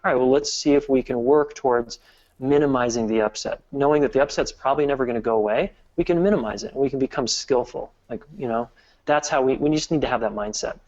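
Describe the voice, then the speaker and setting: A man's voice: medium pitch, quick pace, a little mellow, highs cut off. A man guesting on a podcast interview, talking earnestly and explaining step by step with frequent restarts. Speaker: guest relationship expert. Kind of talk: casual interview talk.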